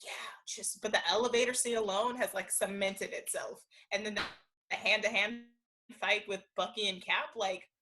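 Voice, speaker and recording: A woman co-hosting a casual chat podcast over a remote video call, animated and quick to laugh. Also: mid-range voice, slight background noise, low-quality recording. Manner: animated, enthusiastic, laughs often. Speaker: podcast co-host.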